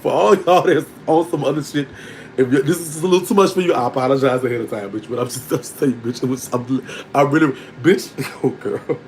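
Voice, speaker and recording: A man in the middle of a long, candid story, speaking at an ordinary, mid-range pitch. His delivery is animated and unfiltered, and he laughs often as he talks. A faint noise sits under the recording. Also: quick pace, rough recording. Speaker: storytelling vlogger. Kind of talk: casual storytelling to an online audience.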